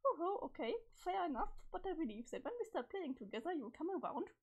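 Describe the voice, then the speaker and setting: A woman voicing an excitable teenage girl who squeals when she gets excited. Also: very high voice, a little fast, dull audio, pitched above the performer's own voice. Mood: eager. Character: excitable teen girl, eager gamer.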